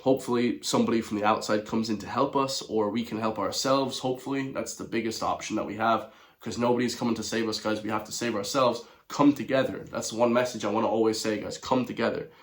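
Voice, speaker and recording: A man's voice: lowish voice, steady tone, quick pace. Chatty Irish man addressing viewers. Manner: chatty, chuckling, calls viewers lads and guys. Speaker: online commentator. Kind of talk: casual commentary to viewers.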